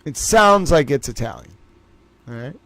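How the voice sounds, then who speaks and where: A man hosting a livestream trivia game, reading out names and scores and chatting with viewers in a lively way. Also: mid-range voice, moderate pace, no room sound. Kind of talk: casual livestream chat.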